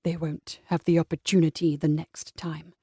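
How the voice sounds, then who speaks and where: A woman narrator voices an ardent young Regency gentleman for a romance audiobook, pitching him well below her usual range: deep-set, husky, tender, and ardent. The close, dry recording has a dark tone, little pitch movement, and a moderate pace.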